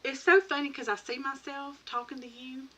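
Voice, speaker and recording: A woman's voice: sits high, level tone, moderate pace, fairly bright tone. A woman hosting a casual late-night live chat from her home craft room, chatty and rambling, laughing often and greeting viewers by name. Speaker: crafting channel host. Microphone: computer or tablet mic.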